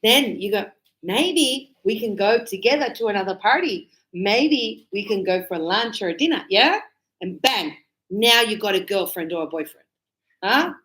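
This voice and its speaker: A woman teaching a class, acting out greetings and small talk in a bright sing-song voice. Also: unhurried. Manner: animated, acts out dialogues with sing-song high-pitched lines. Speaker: English teacher. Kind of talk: classroom English lesson.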